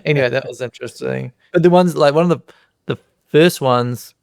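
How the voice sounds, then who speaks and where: A middle-aged man with a New Zealand accent, a guest on a podcast, telling relaxed anecdotes and acting out the voices in them. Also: mid-range voice, a little fast, vocal fry, clean tone, dry recording, clean studio sound. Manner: relaxed anecdotes, acts out voices and hums lines. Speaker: guest musician and comedian. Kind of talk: casual podcast chat, storytelling.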